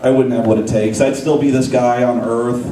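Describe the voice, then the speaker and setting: A man doing live stand-up comedy on a convention stage, ranting with animated, profane energy. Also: mid-range voice, normal speed. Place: convention stage, large hall. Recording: echoey hall recording, mic far off. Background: audience laughing.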